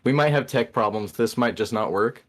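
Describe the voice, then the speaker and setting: A man's voice: medium pitch, moderate pace. A man calling in, talking in a laid-back, hesitant way. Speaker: caller.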